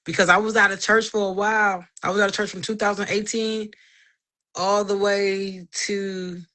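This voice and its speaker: Speaking at a moderate pace in a mid-range voice, a thirty-something woman shares her faith story on a laid-back podcast. She sounds bright and forward, narrating animatedly and mimicking the people she quotes.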